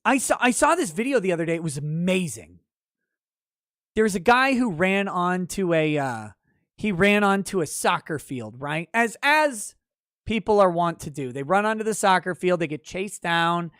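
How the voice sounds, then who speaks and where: A man hosting a livestream, reading chat and ranting in a profane, laughing way, with sudden loud bursts. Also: high voice, lively intonation, normal speed, no echo, clean studio sound.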